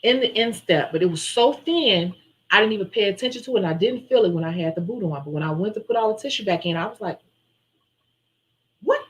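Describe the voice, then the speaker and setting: A woman's voice: medium pitch, fast, low-quality recording. Chatty woman hosting a nail live stream. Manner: chatty, animated storyteller who acts out her own quotes. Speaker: nail tech and channel host. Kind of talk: casual live-stream chat and storytelling.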